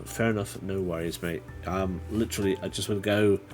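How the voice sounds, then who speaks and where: A man's voice: low-pitched, fairly even intonation, a little fast, a little mellow, soft background music. A man chatting casually to his viewers while playing a game on a livestream, rambling and swearing when startled. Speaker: streamer. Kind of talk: casual gaming livestream chat.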